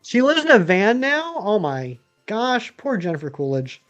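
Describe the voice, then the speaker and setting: A man's voice: high-pitched, very animated, moderate pace, a bit bright, dull audio, faint music behind. A man in his thirties chatting casually on a live stream, rambling and answering viewers. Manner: rambling, chatty, many ums and uhs. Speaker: game streamer.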